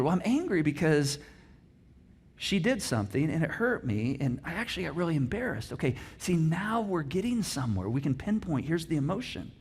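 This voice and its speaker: A man's voice: fairly high pitch, sing-song, a little fast, husky. A man preaching a conversational sermon as a pastor, acting out inner dialogues with easy laughs. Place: church auditorium.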